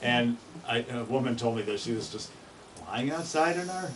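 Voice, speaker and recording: A man's voice: mid-range voice, expressive, moderate pace, fairly bright tone, distant mic, slight background noise, rough recording. A man giving a casual, enthusiastic talk on songbirds, sometimes imitating their calls. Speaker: birding presenter. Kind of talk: informal talk on birdsong.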